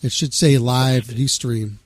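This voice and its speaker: A man's voice: medium pitch, fairly even intonation, takes it slowly, darkish tone, no room sound. A man hosting a casual radio show, rambling and laid-back, reading out press notes and chatting with a caller.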